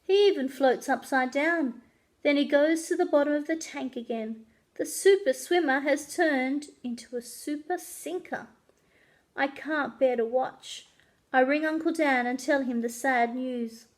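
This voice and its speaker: Doing voices for the characters, a librarian brings a children's chapter book to life in an animated read-aloud. She speaks slowly, with a high-pitched voice.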